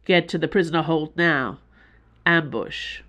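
A woman's voice: low voice, unhurried, a bit bright. A woman reading a story and voicing a grim male starship officer who speaks in terse, clipped lines. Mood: tense. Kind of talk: audiobook character voice.

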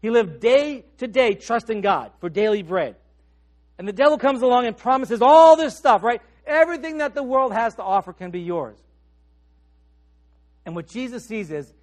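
High-voiced preaching man. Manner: trails off soft and low at phrase ends, rises on questions. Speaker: pastor. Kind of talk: sermon.

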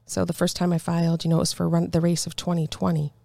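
A woman's voice: on the low side, fast talker, vocal fry, dry recording. A middle-aged woman, a congressional candidate, telling a personal story of faith in an interview and acting out the voices of the people in it. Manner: animated storyteller, acts out quoted dialogue.

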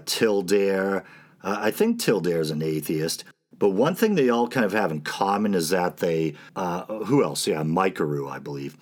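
A man with a New England accent hosts his own podcast alone, his voice sitting very low. He talks in a loose, offhand way, dropping wry asides and pausing on small "uh" fillers as he goes. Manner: casual, wry, with frequent "uh" fillers. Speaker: podcast host. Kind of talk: solo podcast commentary.

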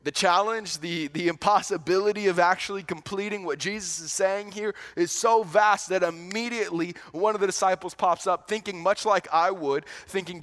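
A man preaching a sermon as a pastor in a conversational, animated way, often restarting and repeating words. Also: high-pitched, normal speed, hardly any pauses.

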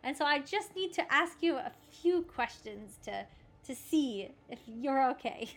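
This is a flustered young French nurse, put on by a woman in a tabletop game. Her put-on French accent sits on a high voice, and she leans into every worry with theatrical flair. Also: unhurried, exaggerated voice. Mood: composed. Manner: dramatic, excitable, sprinkles French words. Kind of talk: tabletop role-play.

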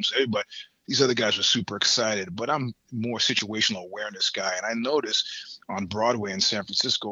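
A man's voice: fairly low pitch, pushed and bright, no room sound, lo-fi sound. A middle-aged man from the United States in casual chat, rambling through stories with swearing and laughter. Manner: rambling, profane, laughs between points. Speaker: podcast guest.

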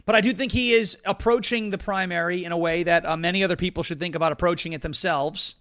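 Brief: male political talk host, middle-aged, fast and punchy, bright tone. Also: high voice, fairly even intonation. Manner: quick, emphatic, repeats points, joking. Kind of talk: casual political commentary and ad reads.

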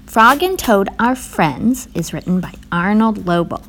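A woman reading a children's story aloud to her nephews in a gentle, unhurried way. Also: mid-range voice, animated, a little hiss or hum.

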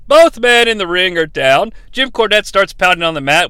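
A man hosting a comedic wrestling recap, sarcastic and animated, with mock-courtroom asides. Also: high voice, normal speed, few pauses, dry recording. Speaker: podcast host recapping wrestling.

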